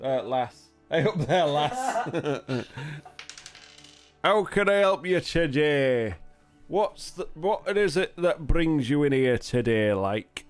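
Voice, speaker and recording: Man doing a Yorkshire barkeep: hearty, folksy, shifty about the menu, pitched up. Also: animated, slow pace, faint music behind. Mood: welcoming. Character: gruff northern male innkeeper, cagey and embarrassed.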